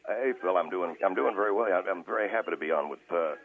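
A man's voice: low voice, pitched below the performer's own voice. A man doing a blustery conservative caller. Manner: blustery, stammering, quick to flare up. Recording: tinny phone line.

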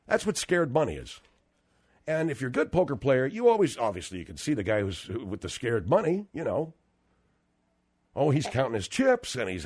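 A man's voice: medium pitch, very animated, fairly quick, a little mellow, slightly rough. A man hosting a talk show, ranting in a blunt, profane, combative way.

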